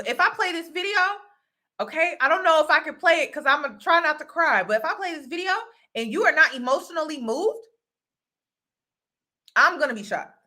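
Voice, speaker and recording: A woman's voice: high-pitched, bright, forceful tone. A woman from the United States hosting a casual vlog monologue, speaking earnestly and repeating phrases for emphasis. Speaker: host and mentor.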